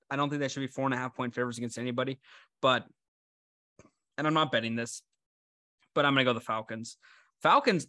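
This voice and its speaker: A man's voice: medium pitch, pushed and bright, no room sound, clean studio sound. A man hosting a casual sports betting podcast, joking and teasing while he runs through the picks. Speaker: podcast host.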